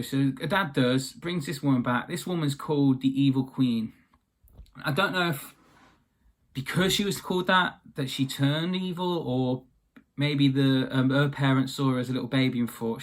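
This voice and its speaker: A man's voice: mid-range voice, moderate pace. A young man casually retelling a fairy tale, chatty and rambling with offhand asides.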